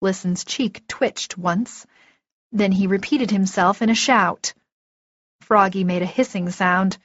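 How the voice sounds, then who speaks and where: A woman narrating a first-person audiobook in a steady, vivid storytelling manner. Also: mid-range voice, slow, no room sound. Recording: dull lo-fi recording, dry.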